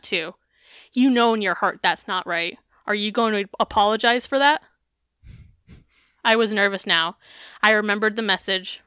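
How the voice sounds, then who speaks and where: A woman hosting a podcast, her voice bright and crisp. She reads a memoir excerpt aloud, then drifts into loose, candid chat full of fillers and the odd curse. The sound is dry and close. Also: medium pitch, dry recording. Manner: candid, swears freely, filler-heavy. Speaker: podcast co-host.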